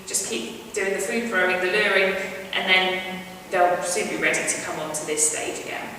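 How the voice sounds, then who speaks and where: A woman's voice: moderate pace, recorded from a distance, a little hiss or hum. Woman trainer explaining in an echoey room. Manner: calm explaining, bright high praise to the dog. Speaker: dog trainer. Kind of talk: instructional demonstration. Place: indoor room at home.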